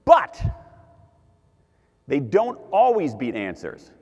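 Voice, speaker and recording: A man giving an animated conference talk, repeating his key points for emphasis. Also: fairly high pitch, slow. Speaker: conference speaker. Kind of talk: keynote talk to a live audience. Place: large conference hall. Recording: long hall reverb.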